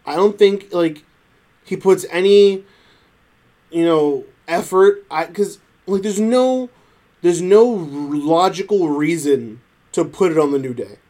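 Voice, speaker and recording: A man co-hosting a casual wrestling recap podcast, reading results and then ranting with animated, exasperated jumps in pitch. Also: slow pace. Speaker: podcast co-host.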